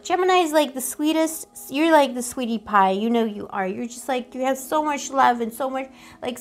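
A woman with a slightly high voice gives a casual tarot reading straight to her viewers. She rambles affectionately and showers them with pet names. Her talk is playful and giggly, and she often teases herself. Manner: giggly, self-teasing. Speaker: tarot reader.

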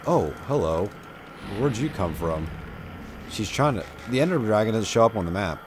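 A young man with a fairly low, animated voice talks at a moderate pace over a noisy background. He's a gameplay commentator doing casual let's-play commentary, chatty and self-mocking, with sudden outbursts at enemies.

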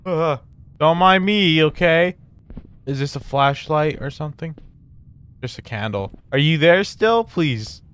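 A young gaming YouTuber gives casual, profane let's play commentary on horror games, nervous and jumpy, laughing anxiously and talking back to the characters. His voice is on the high side and smooth, fairly bright, with lively intonation and a measured pace.

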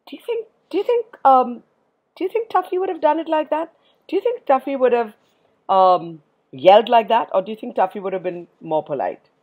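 A woman reading a poem aloud to children in an expressive way, often stopping to ask her listeners questions. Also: fairly high pitch, brisk, breathy edge. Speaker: storyteller for children.

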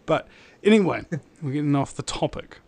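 A man in casual podcast chat, making deadpan puns and pausing on "uh". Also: fairly high pitch, gravelly. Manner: deadpan punning, halting with "uh".

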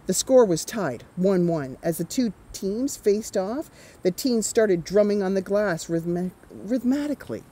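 Lively woman reading a picture book aloud. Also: medium pitch, measured pace, low-quality recording. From Canada. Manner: animated, chatty asides to young listeners. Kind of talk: children's storytime read-aloud.

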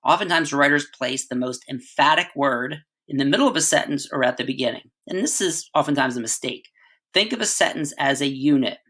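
Middle-aged male teacher, bright tone, casual classroom explainer. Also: mid-range voice, lively intonation, a little fast, breathy edge. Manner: conversational, frequent "right?" and "all right" checks. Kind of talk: writing lesson.

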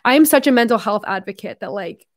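A woman's voice: fairly high pitch, expressive, fast talker, no echo, studio quality. Chatty young Canadian woman vlogging. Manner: chatty, rambling, heavy use of fillers and "like". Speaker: YouTuber opening fan mail. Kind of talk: casual vlog chat.

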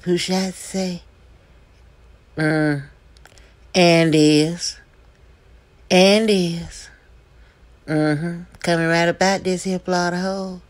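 A gossip show host, delivering comedic gossip commentary full of sassy, drawn-out hums and knowing mm-hmms. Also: medium pitch.

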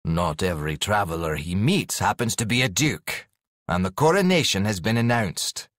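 Narrator doing a proud impatient duke, formal and clipped, lively low voice. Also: male voice, dry recording, clean studio sound. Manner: measured, formal.

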